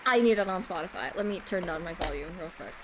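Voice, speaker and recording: A woman's voice: fairly low pitch, animated, fairly quick, background noise. A young woman streaming a game reaction, emotional and teary, laughing and swearing as she gushes.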